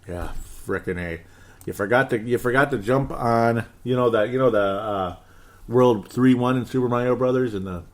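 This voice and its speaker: A man in his thirties hosting a casual sports podcast, excitable and rambling, reading out listener comments. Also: lowish voice. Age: 30s. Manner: hyper, excitable, rambling with laughs. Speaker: podcast host.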